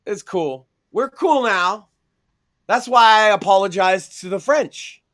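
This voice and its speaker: Male podcast co-host, crude and brash, high register, loves mocking impressions. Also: lively intonation, takes it slowly, fairly bright tone. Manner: brash, profane, mocking mimicry. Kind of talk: crude comedic podcast banter.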